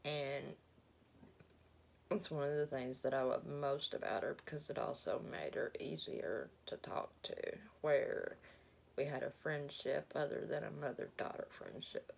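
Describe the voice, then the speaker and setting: A woman with a Southern Alabama accent, telling a story in a rambling, halting way as she eats and talks with her mouth full. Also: deep voice, creaky. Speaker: vlogger. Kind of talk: casual storytelling while eating.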